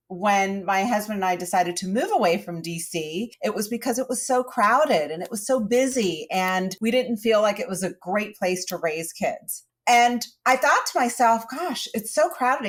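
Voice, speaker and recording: A middle-aged woman co-hosting a podcast, telling personal stories and arguing persuasively with rhetorical questions. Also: mid-range voice. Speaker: podcast co-host. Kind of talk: conversational podcast talk.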